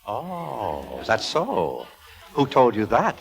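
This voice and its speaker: An actor playing a dryly exasperated astronomer husband in a 1940s radio comedy, with sardonic quips. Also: male voice, mid-range voice, huge pitch swings, slow pace, creaky, exaggerated voice. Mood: teasing, exasperated.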